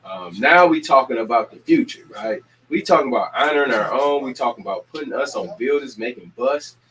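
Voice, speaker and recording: Energetic man rallying his community. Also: medium pitch, a little fast, a little hiss or hum, rough recording. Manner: preacher-like repetition, energetic calls to action. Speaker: community organizer and show host. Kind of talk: casual community announcements.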